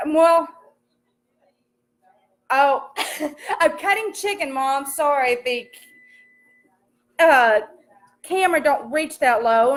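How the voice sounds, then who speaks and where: Chatty high-voiced young woman on a livestream. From American countryside. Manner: chatty and upbeat, greets commenters warmly by name, laughs often. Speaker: livestream host cooking while reading comments. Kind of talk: casual chatty livestream while cooking. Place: home kitchen. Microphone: phone camera.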